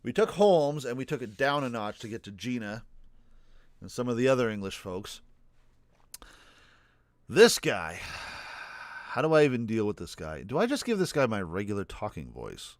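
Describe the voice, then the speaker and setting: A man's voice: medium pitch, very animated, normal speed, pauses often, no room sound, clean studio sound. A man streaming a game, casually commenting and thinking aloud in a joking, self-deprecating way. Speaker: let's play streamer.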